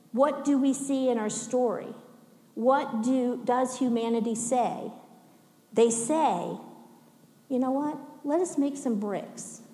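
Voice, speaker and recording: Middle-aged woman preaching, chatty and animated, kinda high voice, big echoey church. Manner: conversational, animated asides with laughs. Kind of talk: sermon. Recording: echoey hall with long reverb.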